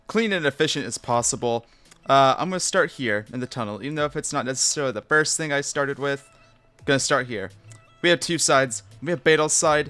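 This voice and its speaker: Rambling young man with a bright voice. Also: medium pitch, clear, resonant tone. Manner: rambling, self-correcting, joking asides. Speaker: Minecraft YouTuber giving a base tour. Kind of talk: casual gameplay commentary.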